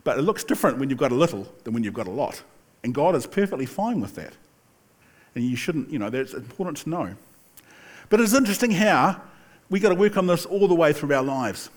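An older man preaching a sermon in a relaxed, chatty storytelling way, with asides and the occasional laugh. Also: on the high side, brisk. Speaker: pastor.

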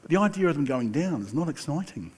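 An older man preaching a sermon in a relaxed, chatty storytelling way, with asides and the occasional laugh. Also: on the high side, quick pace, breathy edge. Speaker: pastor.

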